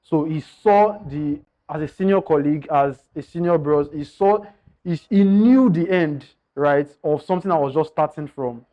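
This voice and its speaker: A man's voice: a little high, moderate pace. A man telling his own story in a candid, earnest way, often calling his listeners guys. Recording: slightly dull lo-fi sound.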